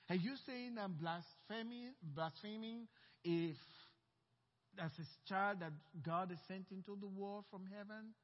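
High-voiced man preaching in a reverberant hall. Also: a little slow. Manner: impassioned preaching with personal storytelling. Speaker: pastor. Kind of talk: sermon. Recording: dull sound with long hall reverb.

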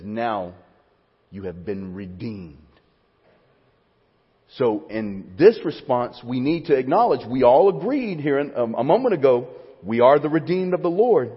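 Male preacher, husky voice, long hall echo, swings from calm teaching to fervent pleas. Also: medium pitch. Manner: builds to fervent, rising pleas, then drops to quiet teaching. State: near tears. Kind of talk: sermon. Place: church sanctuary. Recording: dull sound with long hall reverb.

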